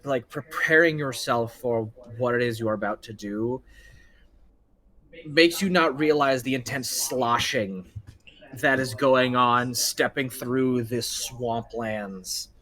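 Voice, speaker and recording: The game master, a man with a medium-pitched voice, narrates the tabletop game in a loose, laid-back way, wandering and leaning on fillers.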